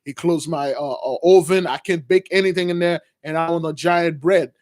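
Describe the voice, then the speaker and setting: A man voicing a grieving childless woman who complains in a lowered voice. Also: steady tone, normal speed, darkish tone, no room sound, clean studio sound, lightly acted. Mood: aggrieved.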